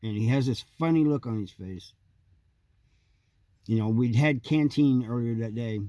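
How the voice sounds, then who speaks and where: A man host telling a long personal story in a casual, rambling way, with frequent pauses and fillers. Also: medium pitch, mellow, no room sound. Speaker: host telling prison stories.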